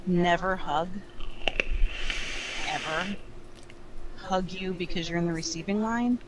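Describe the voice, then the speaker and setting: A middle-aged woman co-hosting a live show, chatting and telling stories in a lively way. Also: fairly low pitch, slow pace, noisy background. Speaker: co-host of a live online show. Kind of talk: casual chat.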